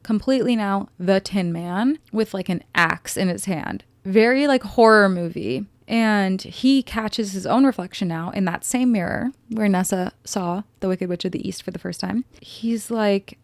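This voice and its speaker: A woman's voice: medium pitch, dry recording. A young adult woman hosting a podcast, recapping and reviewing a film in a casual, chatty way with sarcastic asides. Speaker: podcast host.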